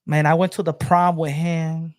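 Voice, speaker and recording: Guy doing a sassy regretful young woman, low mocking drawl, dry sound. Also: flat delivery, normal speed, darkish tone, no echo, natural voice.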